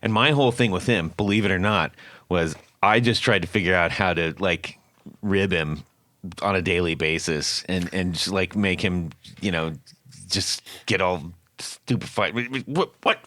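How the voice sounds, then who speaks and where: A man hosting a podcast, telling a story in a casual, animated way and laughing often. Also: deep voice, normal speed, dry recording, studio quality. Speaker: podcast host.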